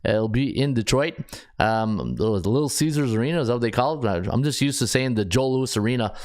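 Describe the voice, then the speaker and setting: A man with a medium-pitched, expressive, slightly mellow voice talks briskly while hosting a sports betting podcast. Thinking aloud over the stats in casual solo analysis, he often restarts and uses filler words.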